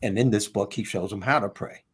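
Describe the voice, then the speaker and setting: Low raspy guy chatting about his book, telling it like a story. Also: fairly quick. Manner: animated storyteller, casual. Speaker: author guest. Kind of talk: interview conversation.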